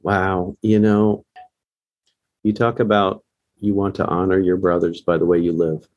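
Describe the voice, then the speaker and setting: A man's voice: low voice, little pitch movement, measured pace, darkish tone, dull audio. A middle-aged man, a bereaved father, speaking earnestly and emotionally as a podcast guest. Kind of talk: podcast interview.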